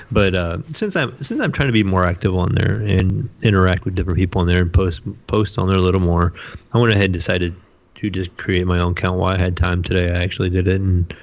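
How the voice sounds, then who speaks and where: A man co-hosting a gaming podcast, talking casually in a rambling way with halting restarts. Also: low-pitched, highs cut off. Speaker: podcast co-host. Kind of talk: casual chat.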